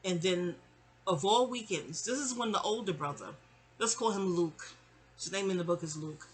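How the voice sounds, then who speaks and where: A woman's voice: lowish voice, normal speed. A woman, telling a casual, rambling family story. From New York City. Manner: chatty, animated, digressive.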